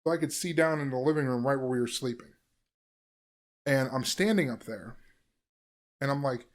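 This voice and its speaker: A young man casually telling a personal scare story, profane and animated, with loud bursts and hushed asides. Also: medium pitch, a little fast.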